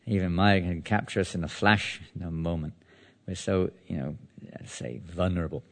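A man's voice: low-pitched, fairly even intonation, moderate pace. A man giving a devotional sermon, reading verses and then explaining them in a loose, conversational way full of restarts. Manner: conversational, with frequent restarts and "you know". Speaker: preacher.

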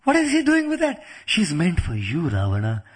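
A man's voice: a little high, huge pitch swings, moderate pace, breathy edge, heavily acted. A man voicing a scheming female demon princess who mocks and insinuates as she speaks. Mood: scornful. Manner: mocking, insinuating.

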